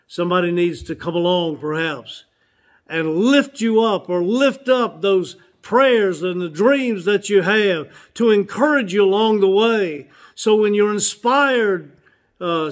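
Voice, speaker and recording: A pastor in his sixties delivers a sermon in a notably high voice for a man. He speaks earnestly and stretches out and repeats his key phrases for weight.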